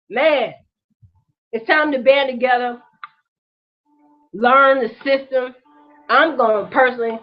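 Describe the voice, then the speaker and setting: Woman venting on her vlog, cussing a lot, fighting back tears, kinda high voice, muffled lo-fi sound. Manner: profane, repetitive, impassioned street-talk rant. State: emotional, holding back tears. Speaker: vlog host. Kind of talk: emotional vlog rant.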